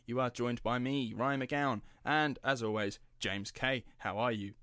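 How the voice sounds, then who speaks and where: A man's voice: medium pitch, steady tone, unhurried, fairly bright tone, clear, resonant tone, no echo. A British man hosting a casual podcast, chatting and telling rambling stories with lots of fillers. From Britain. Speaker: podcast host.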